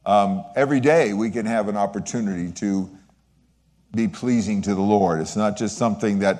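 An older man giving a sermon-style testimony, earnest and halting, with frequent pauses and restarts, and a sentimental streak. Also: fairly low pitch, darkish tone, in a large hall. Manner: sentimental, voice wavering with feeling. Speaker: lay speaker sharing a testimony.

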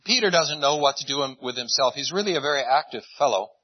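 A man preaching a relaxed storytelling sermon, chatty and unhurried. His voice carries a slight husk. The recording is close and dry, with a dull, lo-fi tone. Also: medium pitch, slightly rough, no echo. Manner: conversational storytelling, retelling scenes in lively voices. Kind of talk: sermon, retelling a Bible story.

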